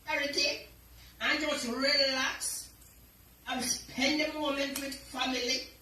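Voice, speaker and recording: A woman's voice: high voice, steady tone, takes it slowly, sharp tone, reverberant, distant mic, a little hiss or hum. A woman talking in a clip that is played back for commentary.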